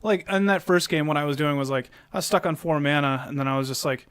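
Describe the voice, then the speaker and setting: Higher-voiced man with a smooth, dry close sound. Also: quick pace, fairly bright tone, dry recording. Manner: explains game plays at length, step by step. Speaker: podcast co-host. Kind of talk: casual chat.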